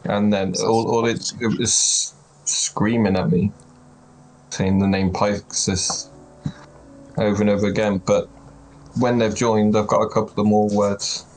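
Man, tabletop player, flat low voice, halting. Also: a little hiss or hum, poor audio. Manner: halting, filler-heavy. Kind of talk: casual tabletop role-play.

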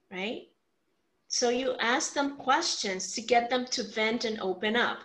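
A woman coaching a workshop on tough family conversations, her voice sitting a little high. She talks in an animated way, voices the example lines herself, and keeps checking in with "right?". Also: a little slow, low-quality recording. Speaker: communication coach. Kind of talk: teaching a workshop talk.

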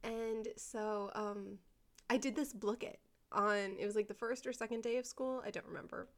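Giggling frequently, a young woman who teaches elementary school shares animated classroom stories in casual conversation, quoting her students. She speaks at a moderate pace in a medium-pitched voice.

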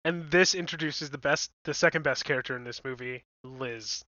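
A man's voice: mid-range voice, normal speed, sharp tone, no echo. Sardonic young man, dry lo-fi mic. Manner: blunt, crude, sardonic. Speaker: podcast co-host. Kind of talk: casual movie review chat. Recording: dry, dull lo-fi sound.

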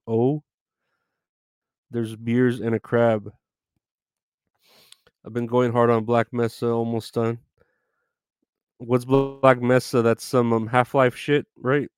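A man's voice: mid-range voice, a little mellow, clear, resonant tone, dry recording. A man hosting a live stream, greeting viewers by name in loose, profane chat with frequent laughs.

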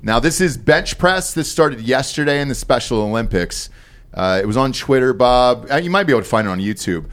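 A man's voice: mid-range voice, animated, brisk, a bit bright. A man hosting a podcast, teasing his guests with crude, profane jokes. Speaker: podcast host. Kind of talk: crude comedic banter.

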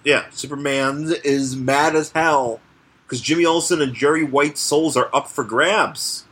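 A man co-hosting a comic book podcast, chatting casually in a rambling, halting, joking way. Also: on the high side, a bit bright, breathy edge. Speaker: podcast co-host. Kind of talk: casual chat.

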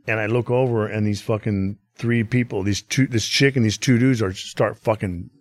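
A man's voice: on the low side, steady tone, normal speed, darkish tone, no echo. A man on a podcast telling a story in a casual, rambling way, swearing often and leaning on filler phrases. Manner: profane, rambling, full of "you know what I mean". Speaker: podcast guest. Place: podcast studio.

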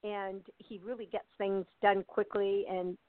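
In a flat, measured, mid-range voice, an older American woman chats as an interview guest on a tinny phone line with no room sound. She rambles comfortably, laughing often and stumbling through plenty of fillers and restarts; the audio is dry and close.

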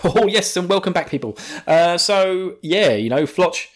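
A man's voice: high voice, lively intonation, measured pace, soft background music. A man chatting casually as a podcast host, joking and laughing often, recorded too close to his mic. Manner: jokey, laughs often, puts on silly voices. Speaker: podcast host recapping an anime episode. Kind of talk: casual chat.

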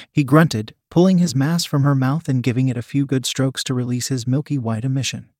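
A man narrating a scripted erotic story in a steady, measured reading. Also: medium pitch, no room sound, studio quality.

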